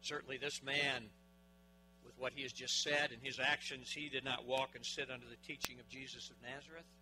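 A man preaching a sermon, dramatic, with big swings in loudness, asking his listeners questions. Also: medium pitch, little pitch movement, a little fast, background noise.

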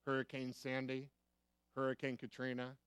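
A man's voice: mid-range voice, completely flat delivery, moderate pace, a bit bright, clean tone, no room sound. An American man preaching a sermon as pastor, emphatic, repeating key phrases and asking the listeners rhetorical questions.

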